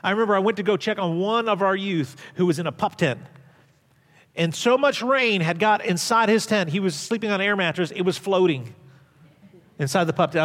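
A middle-aged man preaching a sermon as pastor, telling stories and swinging from loud emphasis to hushed asides. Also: high-pitched, moderate pace, big-room sound.

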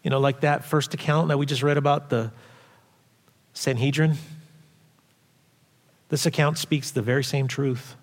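Animated preaching man in echoing hall. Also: medium pitch, unhurried, pauses often. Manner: animated preaching, acts out quotes in raised voice, drops to quiet asides. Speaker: pastor. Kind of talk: sermon. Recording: long hall reverb.

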